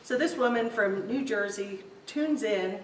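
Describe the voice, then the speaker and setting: A woman with a medium-pitched voice speaks unhurriedly, giving an informal spiritual talk to a group in a meeting room. She tells stories chattily and laughs easily. The recording has a roomy echo, a distant mic and faint hiss.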